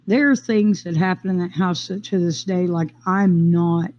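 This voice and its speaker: A woman telling her own story in a casual, rambling way, with quick bursts, fillers and restarts. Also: fairly low pitch, steady tone, a little mellow, lo-fi sound. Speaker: interviewee sharing a personal experience. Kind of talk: casual first-person storytelling.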